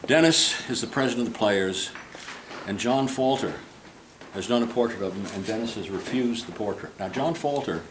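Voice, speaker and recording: An older man, a portrait painter, gives a tour inside a club and tells a group a long, humorous, digressive anecdote, acting out the quoted voices. His voice is fairly low and moderately paced. The background is noisy.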